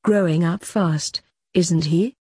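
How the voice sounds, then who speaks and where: A woman's voice: fairly low pitch, slow pace, darkish tone, breathy edge, no room sound. A woman voicing a small male piglet who speaks in a dry, mocking, matter-of-fact way. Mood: sardonic.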